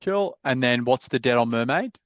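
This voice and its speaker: A laid-back Australian man hands out blunt property advice over a video call, swearing freely and keeping it casual. His voice sits at a middle pitch. The audio comes through muffled and dull, with a dry, close sound. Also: lively intonation, normal speed, a bit bright, dry recording. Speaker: property advisor hosting live mentorship calls.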